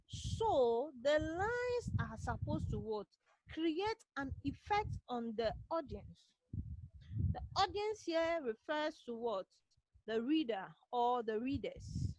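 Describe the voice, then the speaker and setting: Ghanaian woman literature teacher, high voice, repetitive call-and-answer lecturing. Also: dry recording, rough recording. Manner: asks rhetorical "what?" questions and answers them herself; repetitive, drilling key points. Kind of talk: online class lecture. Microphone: computer mic on a video call.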